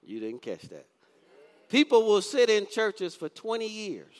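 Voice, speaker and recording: Pastor, man, 50s, high and lively delivery, quizzes the congregation, church reverb. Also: measured pace. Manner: keeps asking the congregation questions. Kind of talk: sermon. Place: church sanctuary.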